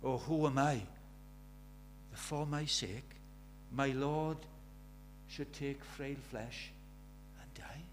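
A middle-aged man preaching a sermon. He drops to near-whispers and then rises to loud, urgent questions. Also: mid-range voice, takes it slowly, slight background noise. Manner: swings from hushed intimacy to loud urgent questions.

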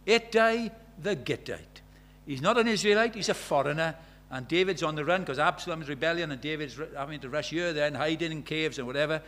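A man preaching a sermon, conversational and animated, swinging from loud exclamations to quiet, intimate tones. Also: fairly high pitch, fast, hardly any pauses. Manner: conversational, uses quoted dialogue and filler words.

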